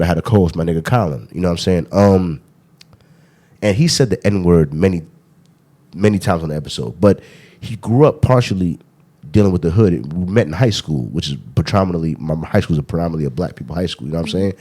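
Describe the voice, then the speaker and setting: Fast-talking deep-voiced man, podcast host. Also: mellow. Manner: rambling, laughing, filler-heavy. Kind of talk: casual podcast chat.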